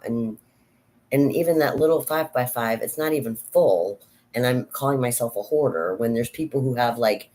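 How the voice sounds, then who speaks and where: A vlogger and actor chatting casually to camera, meandering from thought to thought with frequent restarts and fillers. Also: medium pitch. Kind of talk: casual rambling chat to camera.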